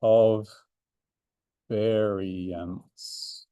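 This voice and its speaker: A man's voice: lowish voice, fairly even intonation, extremely slow, dark tone, clear, resonant tone, no echo. A man, a maths learning centre coordinator, explains a revision seminar step by step with fillers and restarts. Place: room, drawing notes for an overhead camera.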